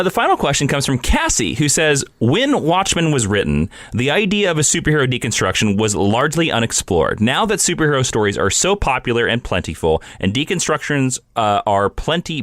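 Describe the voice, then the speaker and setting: A man co-hosting a casual podcast, lively and reading listener questions aloud. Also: mid-range voice, no room sound, studio quality.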